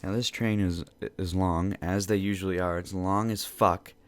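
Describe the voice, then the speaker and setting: A man's voice: deep voice, fairly even intonation, normal speed, a crowd in the background. A man hosting a podcast, telling a casual story in a rambling, profane way that repeats itself, recorded at home. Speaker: podcast host.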